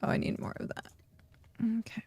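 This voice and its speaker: A woman's voice: fairly quick, darkish tone, no echo. A woman streaming a game, chatting casually, talking to herself and reading chat aloud. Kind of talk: casual live-stream chat while gaming.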